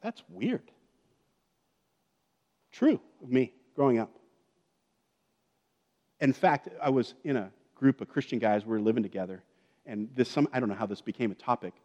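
A man's voice: mid-range voice, animated, moderate pace, pauses often, mellow, lo-fi sound. A man preaching a conversational sermon as a pastor, with joking asides and frequent check-ins like "okay?" and "right?". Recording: long reverb of a large hall.

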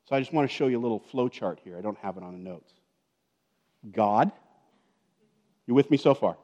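A man's voice: fairly low pitch, animated, fairly quick, warm tone, lo-fi sound. A man preaching a conversational sermon as a pastor, with joking asides and frequent check-ins like "okay?" and "right?". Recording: long reverb of a large hall.

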